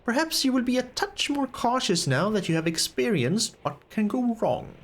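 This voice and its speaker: A man's voice: very high-pitched, big pitch swings, normal speed, pitched above the performer's own voice, heavily acted. A man voicing a stern, weary old male wizard who speaks in a formal, grave, old-fashioned way.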